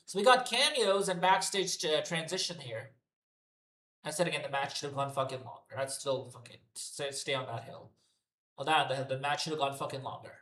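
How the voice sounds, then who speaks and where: A man ranting through an unscripted wrestling review, swearing freely and sounding fed up. His voice sits a little higher than most men's. It bounces around an echoey room. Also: moderate pace, sharp tone, slight background noise. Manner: profane, exasperated ranting. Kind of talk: unscripted solo rant review.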